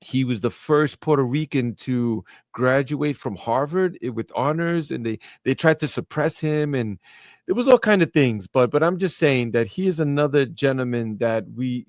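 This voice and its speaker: A man from New York with a Brooklyn accent, hosting a podcast interview and telling stories in a lively, casual way, often tagging on "man" and "right?". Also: medium pitch, normal speed, no echo, studio quality. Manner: animated storyteller, peppers talk with "man" and "right?". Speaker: podcast host.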